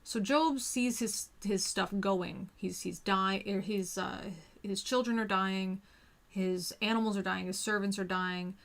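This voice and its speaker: A woman's voice: mid-range voice, fairly even intonation, measured pace, vocal fry, fairly bright tone. A woman hosting a casual talk, rambling with many restarts and fillers. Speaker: host. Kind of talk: casual chat.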